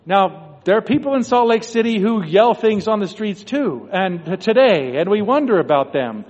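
A man's voice: high voice, animated, moderate pace, hardly any pauses, a little mellow. A man giving a devotional talk, telling a story and acting out the thoughts of the people in it. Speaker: religious speaker. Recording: dull recording in a reverberant hall.

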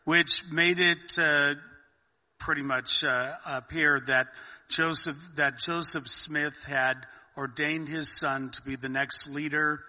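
A man hosting a casual chat and recounting a story in an unhurried way, with a lot of filler words, heard in a reverberant room. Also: mid-range voice, bright, forceful tone. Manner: unhurried, with many fillers and restarts.

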